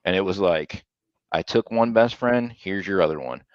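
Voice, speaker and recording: Young male podcast co-host, low voice, lively casual storyteller, dry slightly dull recording. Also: moderate pace, no echo. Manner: animated storyteller, mimics others in a higher voice. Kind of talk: casual chat.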